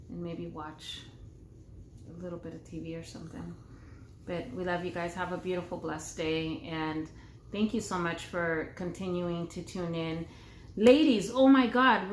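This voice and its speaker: A woman's voice: lowish voice, fairly bright tone, echoey room. A woman co-pastor chatting casually and playfully with her church's online viewers from home. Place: home room.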